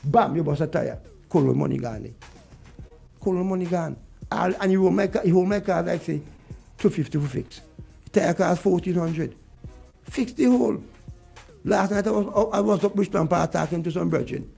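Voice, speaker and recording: A man's voice: high-pitched, moderate pace, gravelly, long pauses, warm tone, breathy edge, soft background music. A man with a Vincentian accent, talking heatedly about politics on a radio show and repeating his points. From Saint Vincent. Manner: vexed, ranting, repeats points. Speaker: radio guest.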